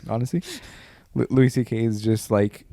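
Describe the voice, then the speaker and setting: A man's voice: on the low side, steady tone, moderate pace, gravelly, dark tone, no echo. A man on a casual podcast, rambling with fillers and restarts. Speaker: podcast co-host. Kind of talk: casual chat.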